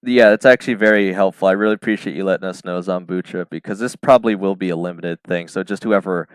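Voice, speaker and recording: Low-voiced American man streaming casually. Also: fast talker, clear, resonant tone, dry recording. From United States. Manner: chatty, laughs often, answers chat by name. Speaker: live streamer. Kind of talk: casual live-stream chat.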